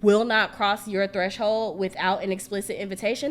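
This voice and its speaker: A woman co-hosting a podcast, talking in a frank, animated way, swearing freely and leaning on "like" a lot. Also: medium pitch, moderate pace. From family roots in Mississippi and Louisiana. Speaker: podcast co-host. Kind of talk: casual podcast chat.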